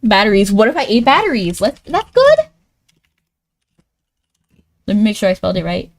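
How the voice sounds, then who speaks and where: Chatty streamer woman thinking aloud. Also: racing. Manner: chatty, thinks aloud, laughs often, sudden excited pitch jumps. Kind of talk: casual live-stream chat while playing a word game.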